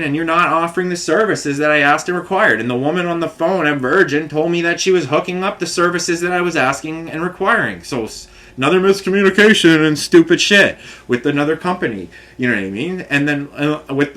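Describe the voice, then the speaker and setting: A man's voice: fairly high pitch, fairly bright tone. Agitated rambling man ranting. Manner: rambling, agitated, swears often. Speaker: vlogger. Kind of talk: frustrated rant to camera.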